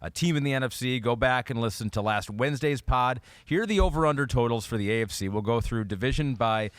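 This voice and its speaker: A man's voice: medium pitch, quick pace, smooth, no echo. A man hosting a football podcast in casual chat, easygoing as he lays out the segment. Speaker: podcast host, sportscaster.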